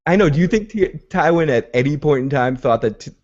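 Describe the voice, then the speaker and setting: A man's voice: a little high, expressive, fairly quick, a little mellow. A man co-hosting a casual podcast recap, chatty and full of filler words, retelling scenes in quoted voices. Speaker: podcast co-host. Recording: dull lo-fi podcast audio.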